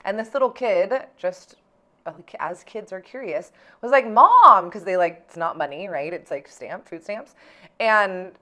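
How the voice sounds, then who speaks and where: A woman's voice: lowish voice, measured pace. A young woman vlogging casually about her own life, peppering her talk with "like" and swearing freely. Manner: chatty, heavy use of "like", swears freely. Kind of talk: casual personal storytelling.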